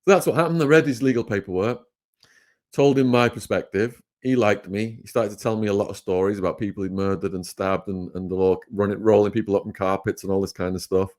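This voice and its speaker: An English man telling vivid stories as an interview guest, animated and often laughing. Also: on the low side, fast talker. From England. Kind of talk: storytelling interview.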